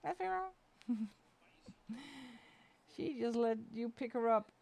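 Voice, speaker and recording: A woman's voice: level tone, takes it slowly, warm tone. A woman chatting casually on a stream from home while she colors, laughing often. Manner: talks in a high coaxing baby voice to her dog.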